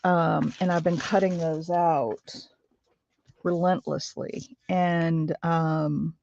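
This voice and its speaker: A woman with a gravelly, creaky voice chats unhurriedly with her viewers while she works on a craft project. She greets people by name and talks through each step as she goes. The sound is dry and a little dull, like a lo-fi recording. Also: sits low, little pitch movement, slow, darkish tone, no room sound. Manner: chatty, greets viewers and thinks aloud while working. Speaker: craft livestream host. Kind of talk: casual chat while crafting.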